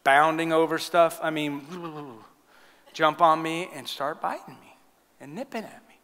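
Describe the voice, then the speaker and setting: A man preaching a sermon as pastor, telling animated stories and laughing at his own jokes. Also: fairly high pitch, a little slow. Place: church sanctuary. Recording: long church hall reverb.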